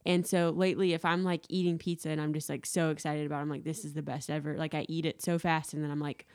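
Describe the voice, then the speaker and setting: A woman with a slightly low voice chats casually as a co-host. She rambles through her stories, full of fillers and restarts, and acts out quotes with animation. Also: level tone, fast, darkish tone. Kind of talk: casual chat.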